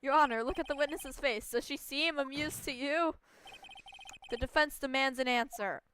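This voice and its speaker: A woman's voice: high-pitched, moderate pace, a bit bright, a little hiss or hum, voice pushed up. Woman reading a young male game lawyer, firm and earnest. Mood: emphatic. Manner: firm, emphatic courtroom declarations.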